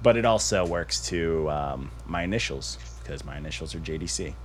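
A man hosting a podcast in casual chat, profane and joking, telling stories with animated put-on quotes. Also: rumbling low, moderate pace, a little hiss or hum. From Haitian family. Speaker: podcast host.

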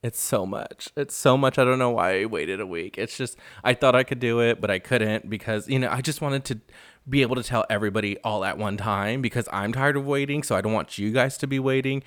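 A man's voice: medium pitch, brisk, fairly bright tone, dry recording, studio quality. A man hosting a casual gossip recap podcast, chatty and blunt with sassy asides and lots of "like". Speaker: podcast host.

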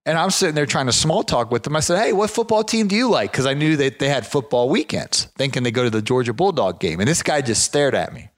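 A man's voice: medium pitch, fast, few pauses. Rambling man telling a story. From southeastern United States. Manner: rambling, with frequent fillers and restarts; animated when quoting others. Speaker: property management business owner. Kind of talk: casual anecdote telling.

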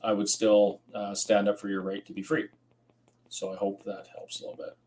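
A man's voice: fairly low pitch, level tone, moderate pace, a little mellow, poor audio. A tired man hosting a rambling late-night livestream, reading out viewer comments and chatting casually. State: tired, yawning. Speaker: host.

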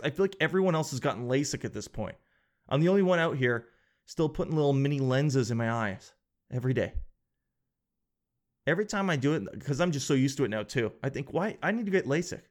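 A man hosting a casual comedic monologue, rambling and sarcastic, swearing freely. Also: medium pitch.

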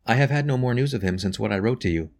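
A quiet, gentle young woman speaking softly from a storybook. A man reads her, lifting his low voice slightly. She sounds mild and restrained. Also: fast, natural voice.

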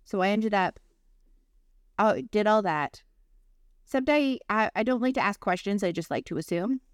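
Young woman, podcast co-host, lively swinging pitch, swears casually, dry close sound. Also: normal speed, smooth, dry recording. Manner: animated, swears freely, acts out quoted voices. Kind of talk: casual storytelling chat.

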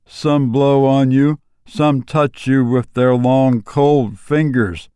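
A man voicing a lonely backwoods boy who speaks in slow, flat, matter-of-fact rural talk. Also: medium pitch, clean tone, no room sound, studio quality, natural voice. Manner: slow drawling rural speech, flat and unbothered.

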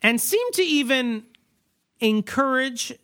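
A woman co-hosting a casual movie discussion podcast, talking in an animated, sarcastic and laughing way. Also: sits high, slow. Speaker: podcast co-host.

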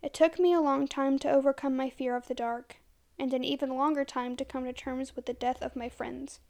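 High, gravelly woman narrating horror. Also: fairly even intonation. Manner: dramatic, slow and hushed at tense moments.

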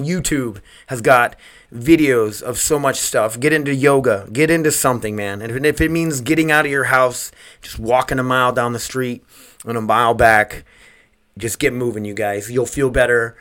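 A male podcast host talking off the cuff at a middle pitch. He rambles, swears freely and keeps tossing in "man" and "dude". His tone stays earnest and upbeat. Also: moderate pace, fairly bright tone. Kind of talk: casual solo podcast talk.

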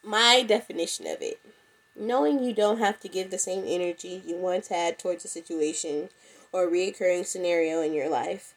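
A woman's voice: on the low side, moderate pace. A young woman with a congested, stuffy-nosed voice, hosting a casual solo podcast and talking to her listeners. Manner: chatty, addresses listeners as "y'all". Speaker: podcast host. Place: at home.

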